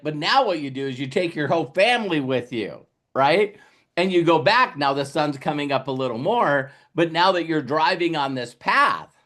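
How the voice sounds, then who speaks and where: A man giving a motivational business talk, telling a story with lots of repeated words and restarts, acting out what people say. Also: a little high. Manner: animated storytelling, acting out quotes. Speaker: business coach.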